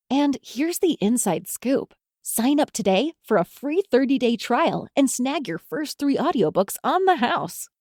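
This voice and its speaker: A woman reads a scripted ad in an upbeat, punchy way. Her pitch sits a little high and swings widely. The sound is dry and close. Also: dry recording. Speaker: ad reader. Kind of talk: scripted ad read.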